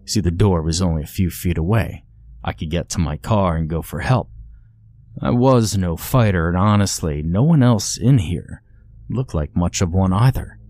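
A man with a very deep voice reads a horror story aloud in a measured, grim way. He delivers the narration steadily and deliberately, giving each line a dark weight. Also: dry recording, studio quality.

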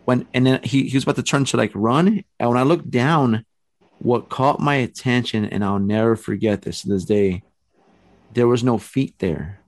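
A middle-aged man casually telling a story, animated and rambling, with restarts and acted-out quotes. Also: medium pitch, moderate pace, no echo.

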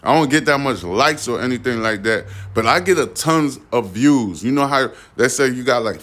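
A man's voice: mid-range voice, a bit bright. Defiant rambling man hosting a solo podcast. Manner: rambling and defiant, repeating "you see what I'm saying". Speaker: podcast host. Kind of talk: casual solo podcast monologue.

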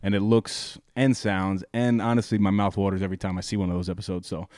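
A man co-hosting a podcast, chatty and friendly, reacting quickly and asking questions. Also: sits low, level tone, a little mellow, no echo, studio quality. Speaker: podcast co-host. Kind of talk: casual chat.

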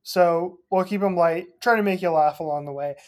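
A co-host of a casual sports podcast, easygoing and amused, laughing along. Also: male voice, high-pitched, normal speed. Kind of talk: casual chat.

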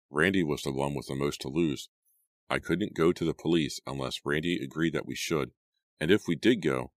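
A man reading an audiobook aloud in a measured, even way. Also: a bass voice, no echo. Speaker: audiobook reader. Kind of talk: audiobook narration. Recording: dry close recording.

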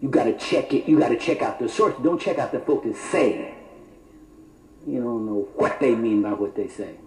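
A man preaching a sermon, quoting scripture slowly and adding mock-approving remarks. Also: mid-range voice, darkish tone. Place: church. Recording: roomy church hall, faint noise.

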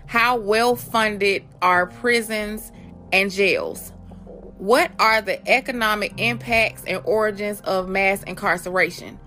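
A woman's voice: mid-range voice, a bit bright. A woman hosting a solo podcast, talking earnestly and casually, reading out figures with small restarts. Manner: earnest, conversational, reads statistics aloud with restarts. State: has the hiccups. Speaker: podcast host.

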